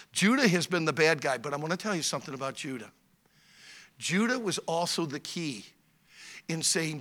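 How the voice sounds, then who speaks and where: A male preacher in full sermon, swinging from loud declarations down to hushed storytelling. His voice is bright and ringing, with wide, animated pitch. He retells scripture with dramatic force.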